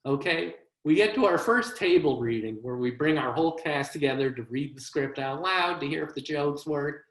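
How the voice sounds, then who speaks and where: A man's voice: a little high, moderate pace, fairly bright tone. A man, a comedy writer, giving a one-man show with wry, self-deprecating comic storytelling over a video call. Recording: roomy echo.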